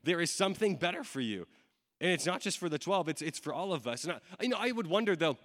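A pastor delivers a sermon in a relaxed, conversational way, often circling back with fillers and repeated phrases. His voice sits a little high for a man. The room rings with a long, lingering reverb. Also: quick pace. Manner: casual, conversational preaching with many fillers. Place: church hall with audience.

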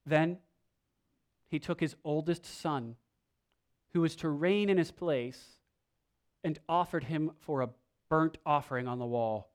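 A man preaching a sermon, reading scripture aloud and moving between emphatic lines and hushed ones. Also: fairly high pitch, unhurried, pauses often. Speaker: pastor.

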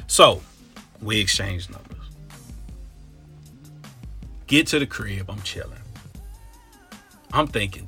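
A man from Cincinnati telling a comic story in slangy, profane talk, full of animated asides. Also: fairly low pitch, normal speed, gravelly, pauses often, faint music behind. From Cincinnati, Ohio.

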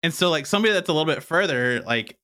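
A man's voice: a little high, lively intonation, racing, pushed and bright, dry recording. A man hosting a casual podcast in an easygoing way, often repeating a word as he starts a thought. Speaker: podcast host.

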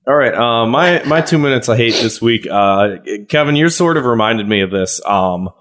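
A man's voice: mid-range voice, expressive, normal speed, a bit bright. A man co-hosting a podcast, rambling loosely with profanity in casual banter. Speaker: podcast co-host.

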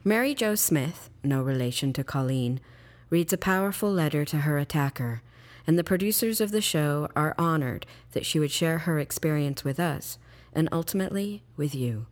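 Female announcer, very low voice, formal scripted intro. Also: expressive, normal speed, a little mellow. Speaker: show announcer.

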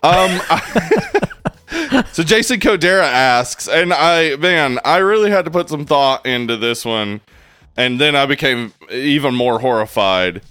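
A man's voice: fairly high pitch, very animated, measured pace, a bit bright, no room sound. A man in his forties co-hosting a casual podcast, joking, swearing and laughing often. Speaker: podcast co-host.

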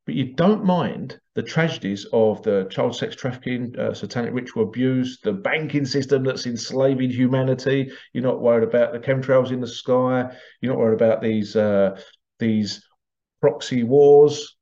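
Male vlogger, mid-pitched, mellow tone, rambling and repetitive, muffled lo-fi sound. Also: moderate pace. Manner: rambling, repeats words, chuckles between points. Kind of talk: casual monologue to viewers. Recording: dull lo-fi sound.

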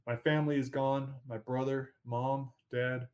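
A man narrating a first-person story in a measured, steady reading voice. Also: medium pitch. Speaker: audiobook narrator.

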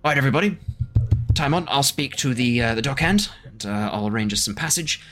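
A man's voice: mid-range voice, lively intonation, quick pace, a bit bright, soft background music, voice pushed up, natural voice. A man voicing a polite but commanding ship captain who gives courteous orders. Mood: brisk. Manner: courteous, bossy.

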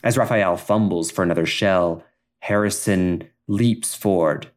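A man narrating a spooky improvised tale in a very low voice. He speaks slowly and deliberately, drawing out the quiet moments. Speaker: co-narrator of a story podcast. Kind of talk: improvised storytelling.

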